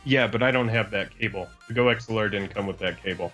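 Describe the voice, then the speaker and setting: A man with a lowish voice co-hosts a casual livestream. He grumbles about technology in a self-mocking way while faint music plays. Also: quick pace, fairly bright tone. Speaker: livestream co-host.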